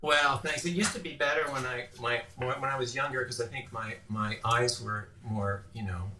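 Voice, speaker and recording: An older man, a flute composer, talking casually over a video call in a rambling, halting way that keeps breaking off mid-thought. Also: medium pitch, sharp tone. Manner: rambling, halting, self-interrupting. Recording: echoey room, distant from mic, faint noise.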